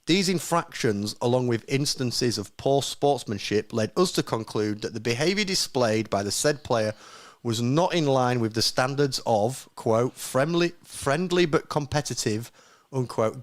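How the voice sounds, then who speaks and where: Man stumbling through a reading. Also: mid-range voice. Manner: stumbling reading aloud, laughing at himself. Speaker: podcast co-host. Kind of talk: casual podcast chat, reading a statement aloud.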